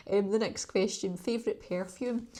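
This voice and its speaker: Chatty Glasgow woman with a warm voice. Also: medium pitch, a little slow. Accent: Scottish, Glasgow. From Scotland. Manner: rambling, friendly, laughs between thoughts. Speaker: beauty YouTuber. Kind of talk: casual chatty vlog Q and A.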